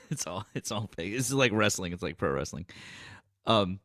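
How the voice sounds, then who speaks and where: Lively Boston man chatting on a stream. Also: lowish voice, normal speed, dry recording, clean studio sound. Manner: swears freely, laughs, acts out quoted people in a raised voice. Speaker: political livestream host. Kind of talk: casual livestream chat.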